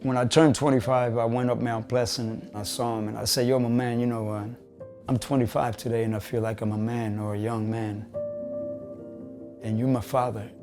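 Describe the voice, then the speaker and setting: A man recounts his life in a documentary interview, blunt and profane, slipping Spanish words into his talk. His voice is gravelly and sits at an everyday pitch. Soft music plays faintly underneath. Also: little pitch movement, normal speed. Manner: candid, profane, drops Spanish phrases. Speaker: interviewee, bass player.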